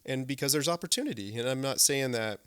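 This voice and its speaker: A man in his thirties hosts a casual business podcast, full of eager energy. He keeps checking in with a quick "right?" and repeats words as he builds his point. His pitch sits right in the middle. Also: animated, fairly bright tone, clean tone. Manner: enthusiastic, repeats words, many "right?" tags. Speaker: podcast host. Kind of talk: casual interview chat.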